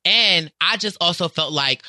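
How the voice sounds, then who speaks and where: A man with a Southern accent, a podcast guest in lively casual chat, theatrical and quick to laugh. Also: high voice, no room sound.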